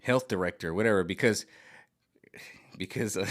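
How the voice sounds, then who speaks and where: Low-voiced man ranting in a vlog. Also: moderate pace, pauses often. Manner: rambling, repetitive and agitated, with many restarts; mimics other voices sarcastically. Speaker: vlogger. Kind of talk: rambling monologue.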